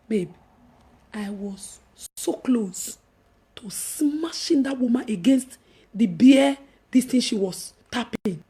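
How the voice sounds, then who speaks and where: A woman with a Nigerian accent telling a story in casual chat, animated, laughing and swinging between loud and hushed. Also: fairly high pitch, slow pace. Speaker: evangelist vlogger.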